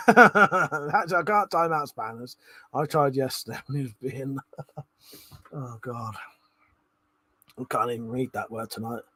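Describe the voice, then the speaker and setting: A man's voice: medium pitch, unhurried, pauses often, bright, forceful tone, a little hiss or hum. A drunk man hosting a live stream, rambling casually, swearing a lot and laughing often. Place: indoors at home.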